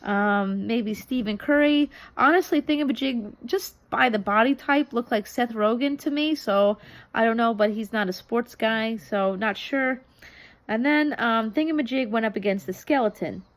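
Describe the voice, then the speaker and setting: A woman in her thirties talks casually to camera, reviewing a TV episode. Her voice sits a little high, and she rambles, filling gaps with ums and starting phrases over. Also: normal speed. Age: 30s. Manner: rambling, many ums and restarts. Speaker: vlogger reviewing a TV show. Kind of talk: casual chat.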